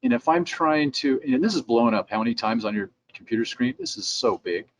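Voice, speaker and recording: A man's voice: medium pitch, animated, a little fast, a little hiss or hum. A middle-aged man giving a conversational instructional talk for dentists, sometimes acting out their replies in quotes. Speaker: dental lab president giving a training talk. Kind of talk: instructional presentation.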